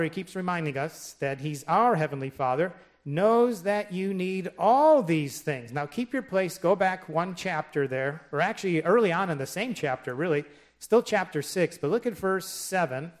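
Man, pastor, sermon, joking asides, emphatic scripture reading, higher-pitched voice. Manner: conversational and wry, with joking asides; reads scripture aloud with emphasis.

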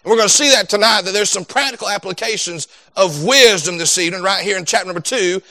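Young male preacher, animated delivery, high voice, dry close sound. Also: quick pace, no room sound. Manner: animated, acts out quoted voices. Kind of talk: sermon.

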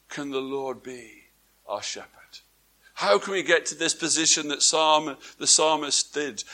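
Bright-voiced preacher. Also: male voice, fairly high pitch. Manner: dynamic preaching, swinging from quiet to emphatic; repeats words for emphasis, asks the congregation questions. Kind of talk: sermon. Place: church before a congregation, also streamed online.

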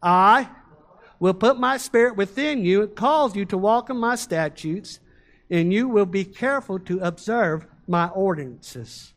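A man preaching a sermon to his congregation, reading scripture and leading call-and-response, slowing down and getting louder on key words. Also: high voice. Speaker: pastor.

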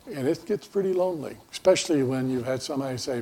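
A man's voice: mid-range voice, quick pace, hardly any pauses, mellow, husky. A man pastor preaching a conversational sermon in a folksy, rambling way, with many fillers and restarts.

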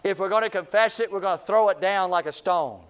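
Male revival preacher, fairly high-pitched, swings between booming and near-whispered lines. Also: a little fast, clean tone. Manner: swings from booming to hushed, repeats phrases. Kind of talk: revival sermon.

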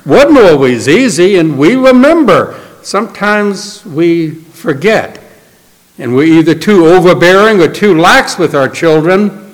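A man's voice: sits high, expressive, unhurried, in a large hall, rough recording. A man preaching a sermon, earnest and storytelling. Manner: storytelling, earnest, acts out quotes. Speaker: pastor.

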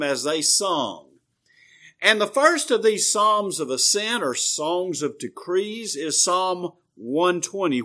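A man preaching a sermon, explaining scripture in a measured, teaching way with frequent pauses and fillers. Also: fairly high pitch, fairly bright tone.

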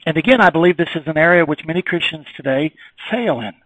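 A man preaching a sermon, emphatic and repetitive, swinging between quiet reflection and raised, insistent passages. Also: fairly high pitch, expressive, quick pace, no echo, poor audio.

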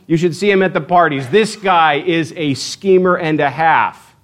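A man preaching a sermon, telling the story in a lively, playful way and acting out the quotes. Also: fairly high pitch, a little slow. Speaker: pastor.

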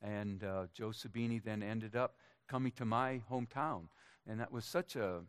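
A middle-aged man from Minnesota giving a personal testimony to a church congregation, in a conversational, halting way with light jokes. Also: lowish voice, clean tone. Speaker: church speaker.

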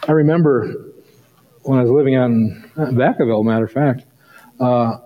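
A middle-aged male pastor preaching a sermon, telling a story and rising to excited peaks. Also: mid-range voice, moderate pace, lo-fi sound.

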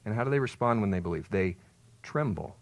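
A man's voice: on the low side, lively intonation, a little fast, no echo. Emphatic male preacher, dry close sound. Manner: emphatic preaching, voice swelling on key words; explanatory, storytelling. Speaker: pastor. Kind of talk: sermon.

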